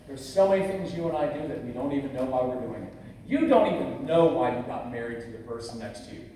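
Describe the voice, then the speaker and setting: A man's voice: mid-range voice, animated, fast, warm tone, slight background noise. Man in his fifties in an echoey hall. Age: 50s. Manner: storytelling, acts out quotes, jokes with the crowd. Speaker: parenting workshop speaker. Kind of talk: live workshop talk to an audience. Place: large convention hall. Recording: echoey hall, mic heard from far off.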